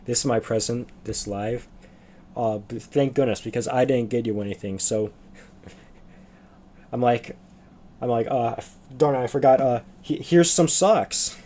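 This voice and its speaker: A man's voice: medium pitch, measured pace, pauses often, warm tone, a little hiss or hum. A young man chatting on a livestream, rambling and losing his train of thought. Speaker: streamer. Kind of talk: casual livestream chat.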